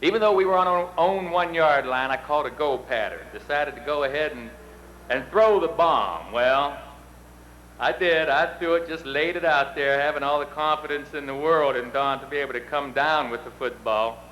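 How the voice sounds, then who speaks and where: A man's voice: fairly high pitch, moderate pace, a bit bright, a little hiss or hum, poor audio. A middle-aged man presenting at an induction ceremony, telling folksy, self-deprecating stories. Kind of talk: speech with storytelling.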